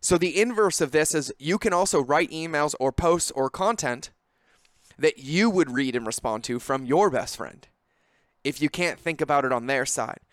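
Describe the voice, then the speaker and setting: Brief: male podcast host, motivational business talk, fairly high voice, dry close sound, direct and coaching. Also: animated, normal speed, no room sound. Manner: direct, coaching, rising emphatic delivery.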